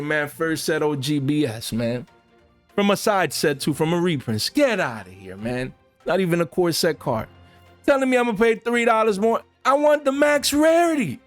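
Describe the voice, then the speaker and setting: A man giving casual, animated commentary on the card market to his viewers, full of slang and asides to "guys". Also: a little high, moderate pace, no room sound, soft background music.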